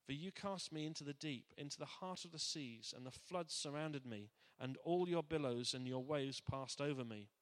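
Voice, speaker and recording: A man reading scripture aloud who voices a grave prophet's prayer in a solemn, measured way. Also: fairly high pitch, natural voice. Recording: long hall reverb.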